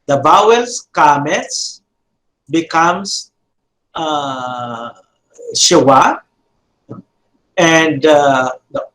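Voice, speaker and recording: A man teaching a Biblical Hebrew grammar class, speaking slowly, repeating terms and checking in with "no?" and "okay?". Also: on the high side, fairly bright tone, echoey room, rough recording.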